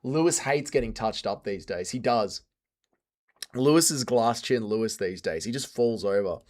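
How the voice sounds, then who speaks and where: A man's voice: lowish voice, normal speed, darkish tone. A man hosting a livestream, reading out chat and answering in a crude, joking, rambling way. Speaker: streamer host reading chat.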